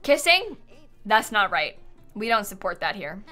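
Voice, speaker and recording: A woman's voice: mid-range voice, big pitch swings, unhurried, bright, forceful tone. A young woman streaming a life-sim game, chatting casually and playfully, often laughing and scolding her game characters. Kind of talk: casual live-stream chat. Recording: faint background game music.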